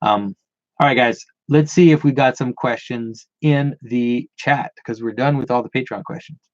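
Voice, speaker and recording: A man's voice: medium pitch, normal speed, no room sound, muffled recording. A man hosting a casual livestream Q&A, rambling with frequent restarts and repeated words. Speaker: channel host answering viewer questions.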